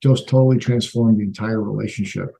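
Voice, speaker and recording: Middle-aged male podcast guest from Canada, a storyteller who acts out his dialogue, mellow and relaxed tone. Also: fairly low pitch, a little fast, gravelly, low-quality recording. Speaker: entrepreneur guest.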